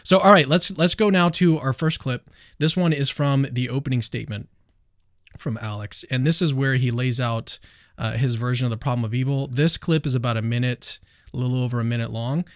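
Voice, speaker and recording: A man hosting a casual livestream discussion, chatty and quick, hedging with fillers. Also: mid-range voice, no room sound, studio quality. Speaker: livestream host.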